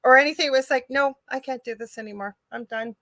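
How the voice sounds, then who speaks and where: A woman's voice: high-pitched, fast talker, pushed and bright, dry recording. A woman hosting a casual chat who laughs often and backs up her guest with short replies. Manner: chatty, laughs often, gives many short backchannels. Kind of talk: casual conversation.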